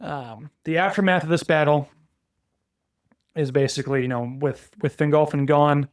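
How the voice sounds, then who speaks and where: A man co-hosting a podcast, retelling fantasy lore in a relaxed, chatty way with frequent restarts and filler words. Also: a little high, normal speed, no room sound, clean studio sound. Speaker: podcast co-host.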